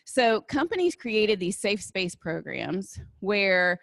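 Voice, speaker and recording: A woman with a Southern American accent speaks to an audience in a relaxed, conversational way. Her voice sits at a middle pitch and sounds dry and close. She keeps checking in with listeners as she explains. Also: slow, creaky, no room sound. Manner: conversational, asks "right?" often. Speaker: diversity and inclusion speaker. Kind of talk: live talk with audience Q&A.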